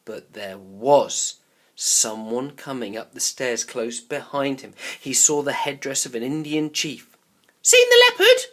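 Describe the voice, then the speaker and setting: A male teacher reading a children's novel aloud with expressive delivery, dropping to a whisper at tense moments. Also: mid-range voice, a little slow.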